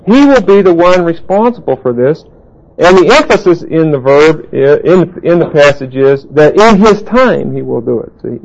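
A man teaching a Bible lesson, explaining Greek grammar deliberately and spelling out words as he writes them on a board. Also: fairly high pitch, muffled recording. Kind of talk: Bible study lecture.

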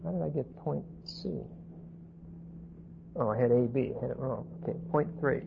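A man's voice: mid-range voice, normal speed, creaky. A man teaching the Bible to a class in a conversational, emphatic way, often checking in with his listeners. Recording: dull lo-fi recording with faint hiss.

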